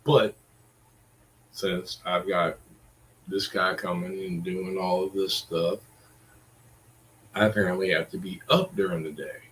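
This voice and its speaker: A man's voice: sits low, steady tone, measured pace, long pauses, a bit bright, slight background noise, low-quality recording. A man in his forties ranting in a rambling, exasperated way, full of curses. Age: 40s. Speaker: vlogger. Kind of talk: casual ranting monologue.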